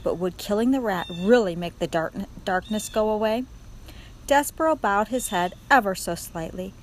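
A woman's voice: mid-range voice, normal speed, slight background noise, poor audio. A woman reading a children's storybook aloud expressively, speaking straight to the reader. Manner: expressive, addresses the reader directly.

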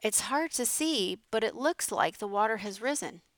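Storybook dad, scared, urgent, loud cries, voiced by a woman narrator, smooth and dry. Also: medium pitch, animated, moderate pace, no room sound. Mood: worried. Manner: urgent, rising to panicked cries. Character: frightened father caught in a flood.

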